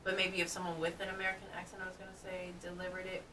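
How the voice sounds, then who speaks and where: A woman's voice: fairly low pitch, monotone, racing, bright, forceful tone, recorded from a distance, slight background noise. A woman co-hosting a casual reaction chat, thinking aloud hesitantly with restarts. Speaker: co-host reacting to comedy.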